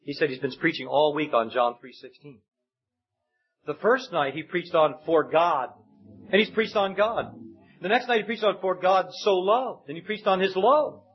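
A man's voice: fairly high pitch, moderate pace, breathy edge. A man preaching a sermon in a conversational way, acting out the voices in the stories he retells. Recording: dull lo-fi sound.

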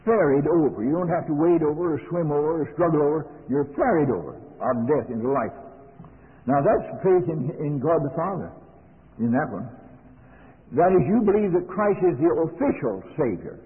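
A man's voice: on the high side, lively intonation, normal speed. An older man preaching a sermon in a plain-spoken, folksy way, telling homely stories to make his points. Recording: lo-fi narrow-band recording in a reverberant hall.

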